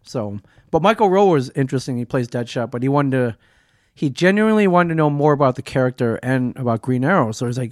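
A man of middle pitch co-hosting a casual podcast from a comic book store. He rambles and jokes easily. The recording is close and dry. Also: animated, brisk, darkish tone, dry recording. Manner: chatty, joking, rambling. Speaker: podcast co-host.

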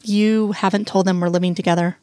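A woman's voice: on the low side, steady tone, fairly quick, warm tone, dry recording, natural voice. Woman reading as a tearful young woman. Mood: defensive. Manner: read in the narrator's own voice. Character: upset young woman in her late twenties.

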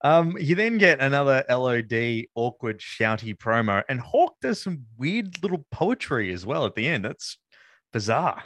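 A man's voice: mid-range voice, sing-song, moderate pace, a bit bright, dry recording. A man co-hosting a wrestling podcast, talking casually and rambling with lots of fillers. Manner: rambling, amused, many fillers. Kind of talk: casual review chat.

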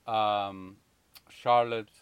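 A man with a somewhat low voice talks through a film in relaxed conversation. He hesitates often, filling gaps with ums and restarting his sentences. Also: extremely slow, clean tone, no echo. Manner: hesitant, many fillers and restarts. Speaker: film reviewer. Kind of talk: casual film discussion.

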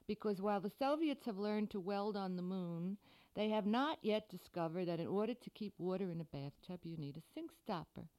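A woman's voice: medium pitch, darkish tone. Wry, dry-humored woman author. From United States. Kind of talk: scripted radio talk.

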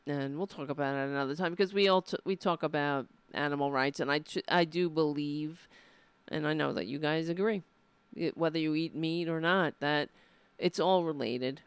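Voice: medium pitch, moderate pace, clean tone, dry recording. A livestream show host talking casually and earnestly, emotional and rambling, with frequent restarts.

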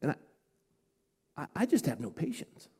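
Animated, mellow-voiced male pastor. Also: fairly high pitch, moderate pace, breathy edge. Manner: animated, confessional, acts out voices. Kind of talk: sermon storytelling.

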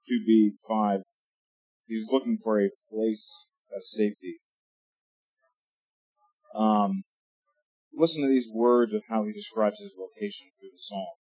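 Male pastor, husky voice, conversational preaching, dry close mic with faint music under. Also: fairly low pitch, dark tone, no room sound, dull audio. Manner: conversational preaching, rising to emphatic reading. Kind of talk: sermon.

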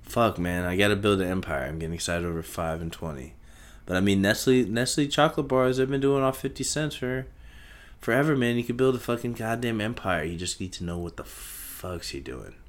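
A young man hosting a solo podcast, rambling and swearing casually, talking in circles and breaking into loud shouts. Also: on the low side, brisk. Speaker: podcast host.

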